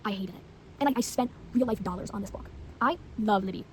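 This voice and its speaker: A woman's voice: medium pitch, fast talker, darkish tone, slight background noise, rough recording. A teenage girl chatting casually about books she has read, rambling with lots of fillers and blunt opinions. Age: teens. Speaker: vlogger. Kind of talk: casual book review chat.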